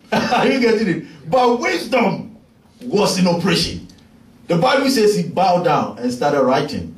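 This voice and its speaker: Male pastor, high-pitched, shouting and emphatic sermon, recorded at a distance with faint noise. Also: very animated, unhurried. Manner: emphatic, frequently shouting preaching. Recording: echoey church from far off.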